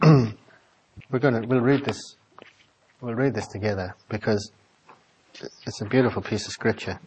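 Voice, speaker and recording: A man preaching a Bible-study sermon in a small office meeting room. He reads scripture aloud and builds to fervent, loud exclamations. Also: lowish voice, unhurried, slight background noise, low-quality recording.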